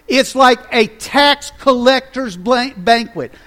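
A male pastor preaching a sermon in a high-pitched voice. He tells the story with animated energy and keeps throwing rhetorical questions to the congregation. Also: takes it slowly.

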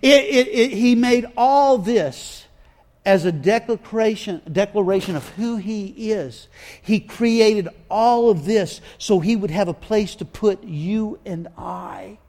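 A man's voice: high-pitched, slow, a little mellow. A man preaching a sermon in an emphatic, folksy way, often repeating his phrases.

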